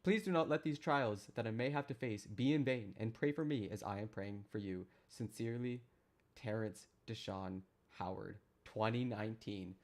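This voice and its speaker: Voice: medium pitch, moderate pace. A live streamer reading a document aloud to their chat, adding casual self-deprecating asides.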